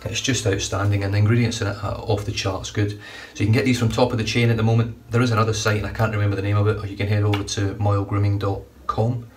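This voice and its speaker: A man's voice: fairly low pitch, little pitch movement, quick pace, hardly any pauses, a little mellow. A man casually reviewing shaving products, chatty and enthusiastic, a little rambling. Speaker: shaving vlogger. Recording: distant mic, faint room noise.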